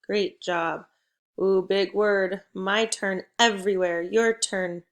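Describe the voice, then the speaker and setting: Young woman teacher, slow patient phonics drills w little kids, call and response, middle pitch. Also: fairly even intonation. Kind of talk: remote phonics lesson for young children.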